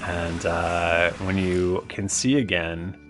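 A man narrating a tabletop game as game master, relaxed and hesitant. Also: low voice, takes it slowly, faint music behind.

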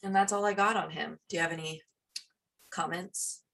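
A woman's voice: lowish voice, fairly even intonation, racing, creaky, a bit bright, recorded from a distance. A woman co-hosting a podcast in casual chat, chatty with many fillers. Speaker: podcast co-host.

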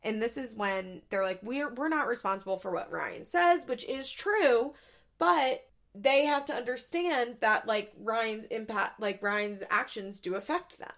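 A young adult woman hosting a podcast, recapping in a chatty, profane, casual way with quick asides into a studio mic. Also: a little high, fairly bright tone. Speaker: podcast host.

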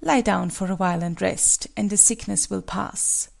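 A woman's voice: mid-range voice, moderate pace, creaky. A woman voicing a young male samurai, earnest and desperate in love, in a storybook reading.

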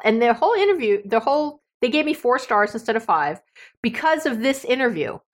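Chatty, animated woman podcast host. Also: a little high. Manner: chatty, animated, laughs often, acts out quoted voices. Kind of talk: solo podcast advice talk.

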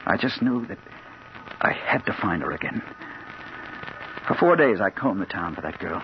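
A hard-boiled newspaper guy narrating, really expressive swings, old muffled radio hiss. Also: low voice, moderate pace. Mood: brooding. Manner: terse, urgent first-person narration. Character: hard-boiled male crime reporter, narrator. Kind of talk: 1940s radio acting. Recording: old radio broadcast, dull with faint hiss.

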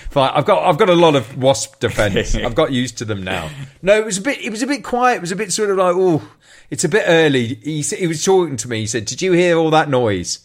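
A man's voice: on the high side, brisk. A man, co-host of a casual chat show, telling a story with lots of swearing and laughter. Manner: animated, swears a lot, laughs through stories. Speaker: podcast co-host.

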